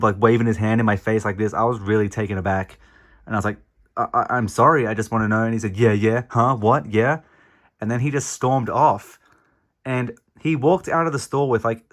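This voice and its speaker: A young man hosts a comedic toy review in a low voice. He tells outrageous stories completely deadpan, and swear words slip in along the way. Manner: deadpan absurd storytelling, swearing.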